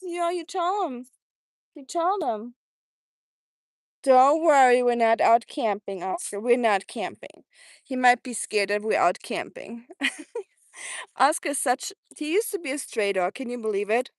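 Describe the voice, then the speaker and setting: A woman's voice: on the high side, lively intonation, moderate pace, dry recording, clean studio sound. A woman from Germany with a German accent, chatting casually on a live stream during an outdoor walk, laughing often and cooing at her dog. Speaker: livestreaming vlogger. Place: outdoors by water on a sunny walk.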